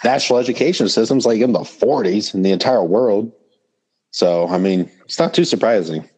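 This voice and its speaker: A man's voice: on the low side, moderate pace, a little mellow, husky, low-quality recording. A man co-hosting a casual chat, making dry, teasing jokes. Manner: dry teasing sarcasm with laughs. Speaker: podcast co-host. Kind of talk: casual banter.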